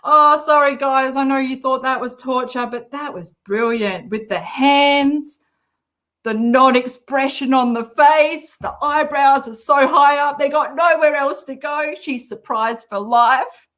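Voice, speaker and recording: A woman's voice: high voice, a little slow, fairly bright tone. An Australian woman hosting a commentary channel, reacting to a clip in a sarcastic, mocking way and swearing often.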